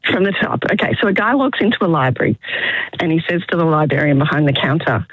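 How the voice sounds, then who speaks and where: Husky-voiced mum calling in from her car. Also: low-pitched, fast, dry recording, rough recording. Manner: chatty, animated storyteller. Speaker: caller, a mum. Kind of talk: telling a joke on a phone call. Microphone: phone.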